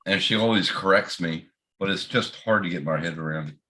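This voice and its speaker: A man's voice: sits low, a little fast, pushed and bright. A man chatting loosely on a livestream, swearing and laughing often. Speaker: guest on a livestream chat. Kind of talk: casual chat.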